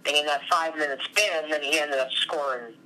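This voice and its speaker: A middle-aged former wrestler and coach, talking from his office, telling long, animated stories as an interview guest. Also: fairly high pitch, fairly quick, slight background noise, low-quality recording. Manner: rambling, animated storytelling.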